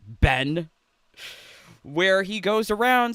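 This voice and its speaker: High, lively-voiced sarcastic man ranting. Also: slow, pauses often, smooth, dry recording. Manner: sarcastic, rambling, giggly. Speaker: gaming YouTuber. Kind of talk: casual vlog rant. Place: home room.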